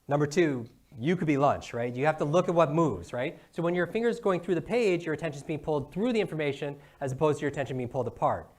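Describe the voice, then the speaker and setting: A man giving an energetic motivational talk, asking the audience one question after another. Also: on the high side, quick pace, hardly any pauses. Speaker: brain coach giving a talk.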